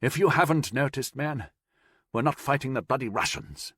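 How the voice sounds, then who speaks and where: A man's voice: medium pitch, lively intonation, moderate pace, a bit bright, slightly rough, no room sound. A man doing a breathless, seasoned soldier. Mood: mocking. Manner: dryly mocking, ragged and breathless.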